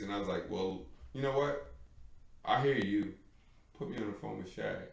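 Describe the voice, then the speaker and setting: A man with a lowish, gravelly voice co-hosts a live stream, telling a long, casual story and performing the quoted dialogue of each character with animation. He speaks at a moderate pace with long pauses, and the room sounds echoey.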